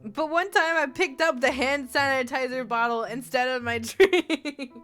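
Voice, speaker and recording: A woman's voice: high-pitched, measured pace, a bit bright, clean tone. A young woman in her twenties chatting casually while streaming a game, giggly and rambling with many fillers. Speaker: streamer playing a game and reading chat. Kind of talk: casual let's-play chat. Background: faint game music.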